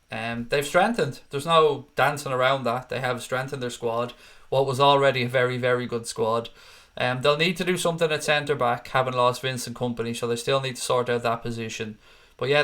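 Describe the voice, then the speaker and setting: A man's voice: mid-range voice, a bit bright. A man, chatting casually as host of a live stream and reading out viewer comments. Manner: chatty, casual, swears freely.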